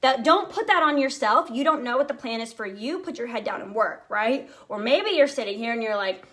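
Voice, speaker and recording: A woman sales team director giving an energetic, chatty motivational talk, speaking straight to her listeners. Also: a little high, fairly quick, few pauses.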